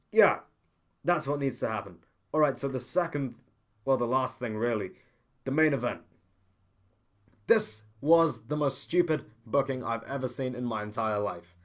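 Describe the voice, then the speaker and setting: A young man hosts a podcast and rants through his opinions in a blunt, unpolished way. He often cuts himself off and restarts mid-sentence. He keeps returning to the same complaints with heated insistence. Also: mid-range voice. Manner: blunt and ranting, with frequent restarts. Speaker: podcast host. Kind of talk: opinionated wrestling podcast commentary.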